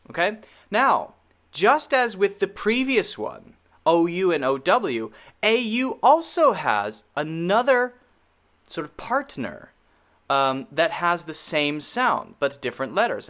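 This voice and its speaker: Male American pronunciation teacher, slow and lively, drills each vowel sound over and over. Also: fairly high pitch. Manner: drawn-out drilled vowel sounds, repeated slowly. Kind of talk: pronunciation lesson.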